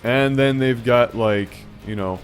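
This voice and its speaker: A man hosting his channel, telling a funny personal story in an animated, playful way, often correcting himself mid-sentence. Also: mid-range voice, slow, faint music behind. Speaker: channel host. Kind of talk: storytelling vlog.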